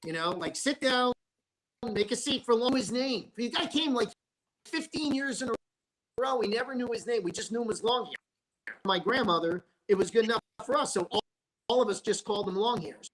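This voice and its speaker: A man's voice: sits high, lively intonation, brisk, low-quality recording. A man, a sports broadcaster and former restaurateur, chatting as a guest on a talk show. He rambles through stories and restarts his sentences often. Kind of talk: casual chat.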